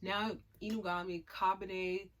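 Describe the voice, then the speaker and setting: Woman host, casual review chat, emphatic and expressive, mid-pitched voice. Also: a little slow. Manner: expressive, emphatic, swings from hushed to loud. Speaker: anime reviewer.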